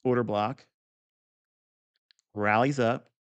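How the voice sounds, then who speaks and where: A man's voice: mid-range voice, steady tone, takes it slowly, clear, resonant tone. A middle-aged man giving an unscripted trading lesson in a blunt, profane way, with rambling asides. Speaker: trading teacher.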